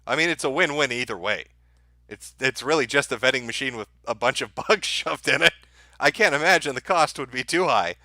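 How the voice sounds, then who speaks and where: A man runs a livestream rant with a sharp, forceful edge to his voice. He swears freely and his tone stays mocking, and he laughs at his own bits as he works through viewer chats. The sound is dry and close. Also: mid-range voice, no echo. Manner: sarcastic, profane, laughing at his own jokes. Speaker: livestream host.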